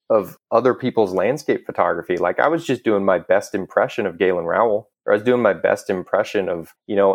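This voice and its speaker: A man in his thirties with a fairly low voice, chatting casually as a guest. He tells stories about himself in an animated, self-deprecating way and often laughs at himself. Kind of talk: casual conversation.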